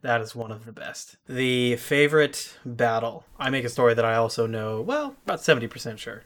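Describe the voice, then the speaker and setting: A man's voice: mid-range voice, expressive, brisk, fairly bright tone. Enthusiastic man rambling in casual chat. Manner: rambling, full of fillers and restarts, enthusiastic. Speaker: podcast co-host.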